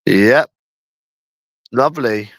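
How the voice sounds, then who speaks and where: A man with a London accent chats on his own livestream, talking in loops and repeating lines over and over, at times stretching his words out slowly. His voice sits at a middling pitch, and the recording is close and dry with no room sound. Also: no room sound. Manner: rambling and repetitive, often slow and drawn out, with slang and swearing. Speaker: livestream host. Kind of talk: casual livestream chat.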